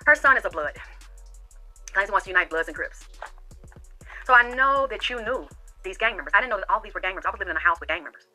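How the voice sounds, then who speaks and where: A woman's voice: mid-range voice, lively intonation, fast talker, long pauses, bright, forceful tone, soft background music, rough recording. A woman hosting a podcast, telling a personal story in a blunt, profane, emphatic way. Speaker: podcast host. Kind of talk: storytelling commentary.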